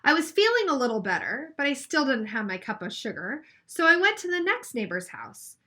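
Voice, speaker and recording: A woman reading aloud as a sly, smooth-talking male wolf telling his side of a storybook tale. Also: high-pitched, very animated, a little fast, sharp tone, heavily acted. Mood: wry.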